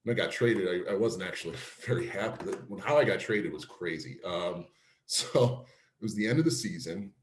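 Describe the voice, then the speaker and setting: Laughing storyteller man, lowish voice, roomy sound. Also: moderate pace, slight background noise. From Cleveland, Ohio. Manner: animated storyteller, laughs often, acts out quotes. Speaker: former pro baseball pitcher, guest. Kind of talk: casual storytelling interview.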